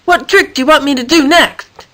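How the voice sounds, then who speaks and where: A woman voicing an eager young male circus seal in a storybook, with a high, excited way of asking questions. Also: moderate pace.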